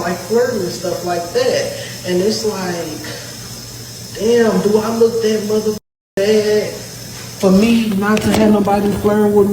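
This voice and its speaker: A woman venting in a halting, plaintive way about being overlooked, recorded on a phone in a bathroom at work. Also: mid-range voice, echoey room, recorded from a distance, noisy background. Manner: halting, plaintive, self-pitying. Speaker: warehouse worker venting in a clip. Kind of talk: tearful personal vent video.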